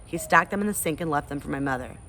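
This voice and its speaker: A woman's voice: low voice, fast, slight background noise. A woman in her thirties, a teacher, reading a children's book aloud expressively to her class. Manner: expressive, animated. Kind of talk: storybook read-aloud.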